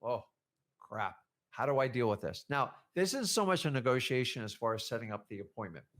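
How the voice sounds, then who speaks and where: A real estate trainer gives a casual coaching talk, animatedly acting out conversations with sellers. He speaks a little fast in a medium-pitched voice.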